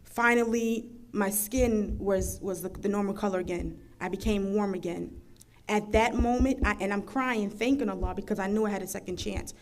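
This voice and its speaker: A woman's voice: mid-range voice, moderate pace, a little hiss or hum. A woman in her thirties from the United States giving an earnest, emphatic personal testimony as a panel speaker. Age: 30s. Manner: earnest, emphatic, building to passionate intensity.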